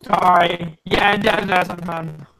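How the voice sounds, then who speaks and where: A man with a noticeable lisp chatting on an online show, often pausing on "um". His voice is bright and forward, and his mic connection sometimes turns robotic and glitchy. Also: high-pitched, fairly even intonation, creaky. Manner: hesitant, lots of "um". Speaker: co-host. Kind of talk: casual podcast chat.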